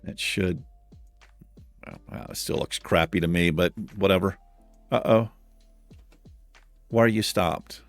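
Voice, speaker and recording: Gravelly low-voiced man muttering game commentary. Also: unhurried, pauses often, faint music behind. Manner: muttering, thinking aloud, mildly exasperated. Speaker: gaming channel host. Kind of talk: casual let's-play commentary.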